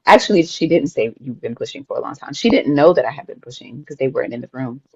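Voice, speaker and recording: A woman's voice: extremely low pitch, quick pace, gravelly, slightly rough, no echo, highs cut off. Woman telling a vivid personal story. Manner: vivid, emotional retelling that often laughs and acts out her own past words. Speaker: podcast guest. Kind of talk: personal storytelling in a casual interview.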